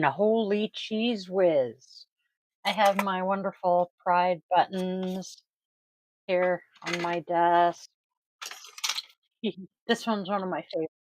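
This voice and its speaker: A woman's voice: medium pitch, slight background noise, low-quality recording. A woman chatting casually to her viewers while setting up a tarot reading, sleepy and groggy, easygoing and self-deprecating.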